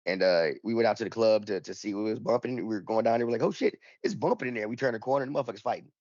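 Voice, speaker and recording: A man's voice: lowish voice, very fast, a little mellow, no room sound, muffled recording. A man in casual podcast chat, telling a rambling, profane anecdote and acting out the dialogue in it. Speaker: podcast panelist.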